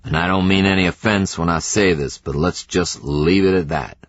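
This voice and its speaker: A man's voice: sits low, moderate pace, dry recording. A man voicing a terse, distrustful older drifter with a smoker's voice. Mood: guarded. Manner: blunt, terse, wry. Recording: slightly dull audiobook recording.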